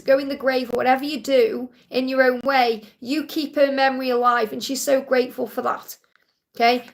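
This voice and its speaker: Brief: woman, high voice, live-stream psychic reader, gentle chatty delivery with frequent check-ins. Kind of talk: live-stream tarot reading.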